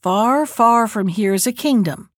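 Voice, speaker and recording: A woman's voice: medium pitch, lively intonation, a little slow, no room sound, clean studio sound, lightly acted. A woman reading a boastful mocking dragon.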